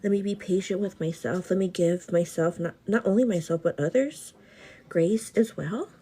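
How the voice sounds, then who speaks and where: A woman's voice: fairly low pitch, moderate pace, warm tone. A woman vlogger chatting casually to her viewers during a live get-ready show. She laughs often, leans on "like", and calls the viewer "girl". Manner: laughs often while talking; speaks earnestly about faith and gratitude. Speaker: beauty and lifestyle vlogger.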